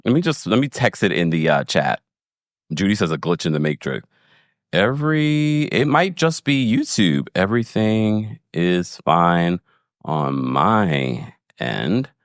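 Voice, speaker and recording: A man's voice: low-pitched, a little slow, no room sound, studio quality. A man in casual livestream chat, recapping a reality show and reading viewer comments aloud with laughs. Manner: animated, laughing, talks straight to viewers.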